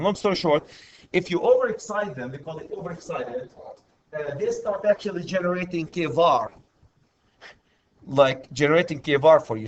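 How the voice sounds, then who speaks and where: A man's voice: a little high, slight background noise. Man lecturing a class, dull recording. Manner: repetitive, checks in with students often. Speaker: electrical instructor.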